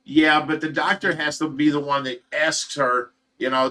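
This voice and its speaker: A man's voice: on the high side, steady tone, moderate pace, hardly any pauses, pushed and bright. A man hosting a livestream, giving an earnest, emotional personal update in a rambling, casual way. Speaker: livestream host of a fish rescue.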